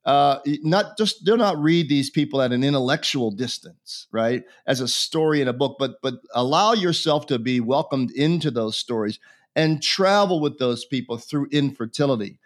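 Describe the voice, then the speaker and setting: A man's voice: medium pitch, expressive, normal speed. A bishop being interviewed, a man who talks in an earnest, preacherly way and repeats phrases for emphasis. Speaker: bishop, guest. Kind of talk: conversational religious interview.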